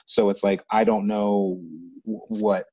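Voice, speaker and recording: American guy, low husky voice, rambly and thoughtful, dry dull audio. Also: little pitch movement, takes it slowly, dark tone, dry recording. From United States. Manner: rambling, reflective, with many restarts. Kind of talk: casual conversation.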